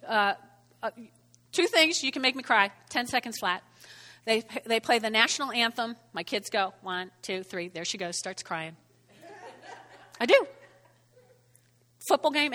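Bright-voiced woman preaching in an echoey hall. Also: on the high side. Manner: chatty, animated, asks the room questions. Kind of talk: sermon.

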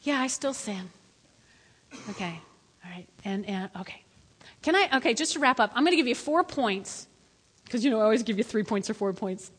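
A woman pastor preaching a lively sermon in church, swinging between loud calls and hushed asides. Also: fairly high pitch, fairly quick, pauses often, husky. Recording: echoey hall.

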